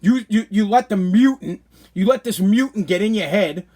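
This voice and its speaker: A middle-aged man hosting a podcast, giving blunt, animated advice with lots of repetition. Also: sits high, moderate pace. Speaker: podcast host. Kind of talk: casual livestream monologue.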